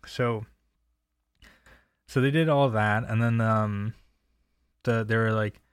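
Taking his time, this young New Jersey storyteller speaks in a lowish, steady voice that's clear and resonant. His personal stories are casual, loose, and full of profanity, captured in clean, echo-free studio audio.

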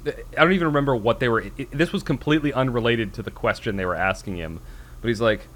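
A man co-hosting a podcast in casual chat, telling comedy sketches in an animated way. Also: medium pitch, fast talker. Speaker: podcast co-host.

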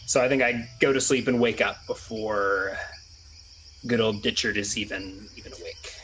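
A man's voice: on the low side, fairly even intonation, normal speed, fairly bright tone, a little hiss or hum, poor audio. A man playing a tabletop role-playing game, chatty and thinking aloud with many restarts. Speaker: player. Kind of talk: casual tabletop game play.

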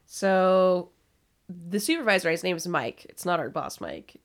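A woman's voice: on the low side, animated, a little slow. A young woman co-hosting a podcast, telling work stories in a blunt, casual way and swearing freely. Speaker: podcast co-host. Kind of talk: casual chat.

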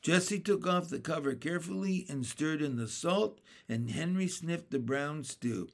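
A man reading a children's chapter book aloud in a steady, plain storybook narration. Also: a little high, normal speed.

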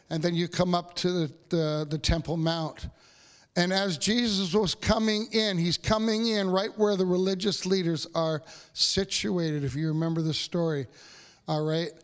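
A pastor preaching a sermon in a church, talking to the congregation in a loose, conversational way with fillers and asides. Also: male voice, clean tone. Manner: builds to excited, higher-pitched preaching.

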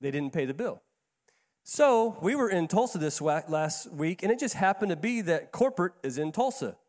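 Man, pastor, sermon storytelling, folksy, conversational, fairly high voice, echoey church hall. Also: moderate pace. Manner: conversational, folksy, repeats words when excited. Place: church sanctuary.

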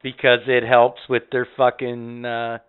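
A man's voice: medium pitch, monotone, a little slow, clear, resonant tone. Profane rambling storyteller man, tinny sound. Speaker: podcast co-host. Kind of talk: casual storytelling chat. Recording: tinny phone-like audio.

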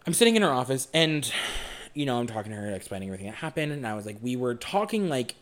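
A young man co-hosting a podcast, telling a personal story in a frank, animated way and swearing freely. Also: medium pitch, rapid-fire. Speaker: podcast co-host.

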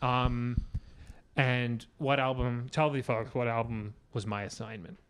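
Brief: mid-pitched male podcast co-host, animated, casually profane. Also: unhurried, clear, resonant tone. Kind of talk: casual chat.

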